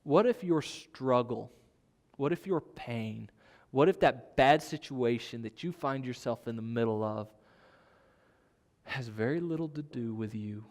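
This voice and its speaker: A man's voice: mid-range voice, expressive, measured pace, a little mellow, big-room sound. A man preaching a sermon in a conversational way, asking his listeners rhetorical questions. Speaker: pastor.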